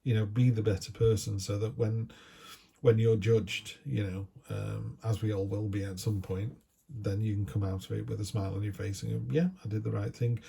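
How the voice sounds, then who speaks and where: A man's voice: fairly low pitch, level tone, moderate pace, vocal fry, dark tone, husky. A middle-aged man giving a casual, chatty, down-to-earth tarot reading. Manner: chatty, down-to-earth, acts out little quoted asides. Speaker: tarot reader.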